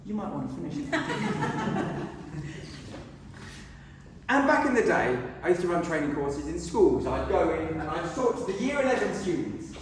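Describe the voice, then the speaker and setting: A man's voice: high-pitched, slight background noise. A middle-aged man giving a humorous, self-deprecating speech at a speaking club. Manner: animated self-deprecating storytelling. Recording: echoey hall from far off.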